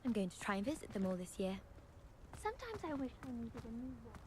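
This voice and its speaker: A chatty village townsperson in a video game, her voice high and lively. She is heard through distant game audio with a faint hiss. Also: fast talker.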